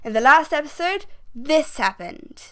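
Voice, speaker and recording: Woman, let's play host, playful, chatty, high voice, faint background music. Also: lively intonation, a little slow, pushed and bright. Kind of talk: reading a visual novel aloud.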